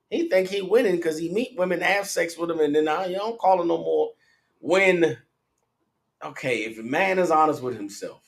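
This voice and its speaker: Guy preaching hard, high lively voice, blunt and full of slang. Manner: emphatic, blunt, heavy slang. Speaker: religious teacher. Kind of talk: street sermon.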